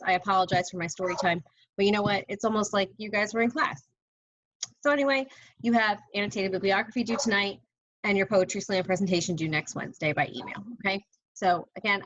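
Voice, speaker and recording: A woman's voice: medium pitch, a bit bright, highs cut off. A woman in her thirties, a college English instructor, chatting casually to her students from home with exasperated sighs. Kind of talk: casual video update to students.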